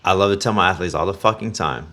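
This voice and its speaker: A man's voice: low-pitched, quick pace, bright, forceful tone. A man who coaches athletes, talking on a podcast in an intense, motivational and profane way. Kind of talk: casual podcast chat.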